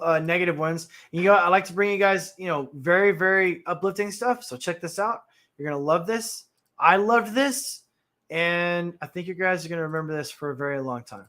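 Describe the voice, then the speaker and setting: A man and former Marine hosting a casual livestream, reacting bluntly and with feeling to videos and chatting to his viewers. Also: on the high side. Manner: blunt, animated, talks straight to viewers.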